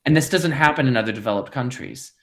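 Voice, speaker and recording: A man, a parish priest, speaking in a podcast conversation. He throws himself into quoted lines with sudden leaps in pitch and laughs easily. When the subject turns grave, his voice drops low and quiet. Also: quick pace. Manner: animated, acts out quotes with big pitch jumps.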